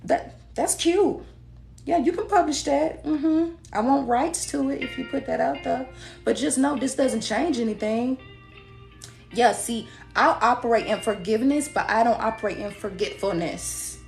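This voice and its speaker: A woman's voice: on the high side, normal speed, gravelly, a little mellow, faint music behind. Sassy blunt woman giving a reading. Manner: sassy, blunt, laughs often, acts out quoted people. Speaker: tarot reader. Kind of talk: casual spiritual reading to viewers.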